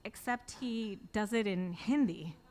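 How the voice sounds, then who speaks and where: A woman's voice: mid-range voice, unhurried, a little mellow. A woman in her forties, an author telling a personal story live to an audience with wry, self-deprecating humor, often laughing at her own jokes.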